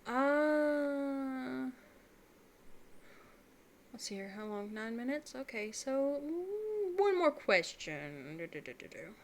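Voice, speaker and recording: A woman's voice: high-pitched, very animated, slow pace. A young adult woman vlogging alone in casual, rambling, candid chat, laughing often and calling herself weird.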